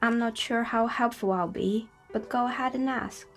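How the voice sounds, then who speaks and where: A woman playing a polite, soft-spoken dice maker from a video game. Her voice sits a little high, and her manner is calm and friendly, with light music underneath. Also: moderate pace, lightly acted.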